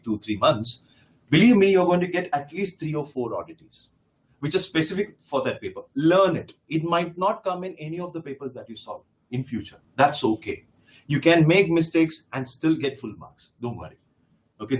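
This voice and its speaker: Emphatic man teaching a test-prep class. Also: on the high side. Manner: emphatic, repeats key points; addresses students directly. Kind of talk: live classroom lecture.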